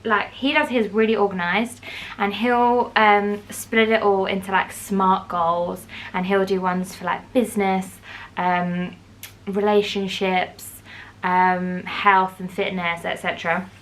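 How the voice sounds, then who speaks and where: A young woman chatting casually to her phone camera as she vlogs, playful and quick to laugh. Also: medium pitch, little pitch movement. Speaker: vlogger. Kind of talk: casual vlog chat. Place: outdoors on busy city streets and in a café. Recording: phone recording with street noise. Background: street and traffic noise.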